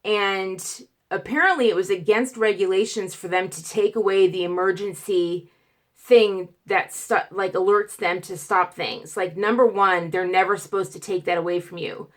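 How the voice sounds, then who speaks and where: A woman vlogger telling a story in a casual, animated way, acting out quotes, stuttering and restarting as she goes. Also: mid-range voice, normal speed. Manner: animated, acts out quotes, grows loud and emotional.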